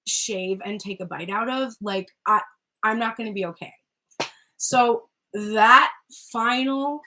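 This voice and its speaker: Her voice is mid-range, pushed, and bright as she does a relaxed tarot reading. The woman chats on in a rambling way, breaking off mid-sentence, laughing frequently, and saying "like" over and over.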